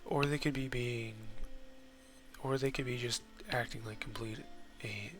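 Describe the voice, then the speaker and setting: A man's voice: mid-range voice, measured pace, vocal fry, sharp tone, faint music behind. A young man giving casual let's-play commentary at a desk mic, rambling and muttering asides as he plays. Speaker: gaming YouTuber.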